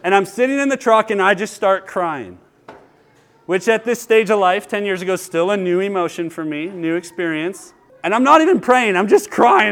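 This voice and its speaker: A man's voice: sits high, normal speed. A man in his thirties preaching a sermon, earnest and telling personal stories with laughter. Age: 30s. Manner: earnest, storytelling, lively with laughter. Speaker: pastor.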